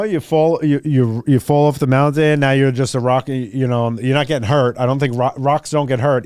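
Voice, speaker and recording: A man's voice: medium pitch, a little mellow, no room sound, clean studio sound. A young man hosting a solo podcast, rambling earnestly with lots of "like" and "you know", at times moved almost to tears. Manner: earnest, gets emotional and teary. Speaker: podcast host. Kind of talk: casual solo podcast musing.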